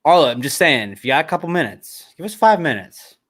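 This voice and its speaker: A man's voice: on the high side, very animated, fast, a bit bright. A man co-hosting a football podcast over a video call, joking and bantering playfully. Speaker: podcast co-host. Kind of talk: casual football chat.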